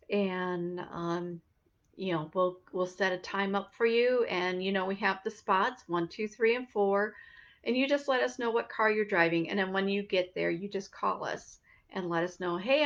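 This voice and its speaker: A woman's voice: mid-range voice, a bit bright. Chatty woman with dull lo-fi sound. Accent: Midwestern American. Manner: chatty, rambling, frequent ums and restarts. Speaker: library staff presenting books. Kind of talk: casual book talk video.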